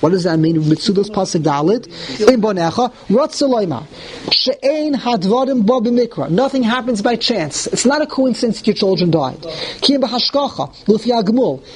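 High-voiced man teaching a Torah class. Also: animated, moderate pace, a little mellow. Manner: reads Hebrew verses, then translates and explains them; restarts phrases often and stresses harsh words.

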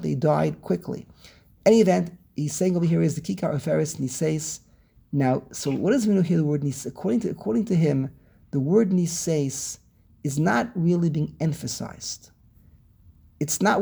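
A man teaching a text class over a video call, weaving Hebrew terms into English, pausing and repeating words as he searches, and posing questions he then answers. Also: fairly high pitch, gravelly, warm tone, breathy edge. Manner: asks and answers his own questions. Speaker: Torah teacher.

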